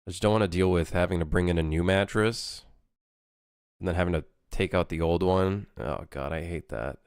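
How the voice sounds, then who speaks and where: Male streamer, low and dry, casual rambling chat with plenty of swearing. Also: normal speed, darkish tone, clean tone, no echo. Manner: rambling, swears freely, restarts sentences. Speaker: game developer streamer.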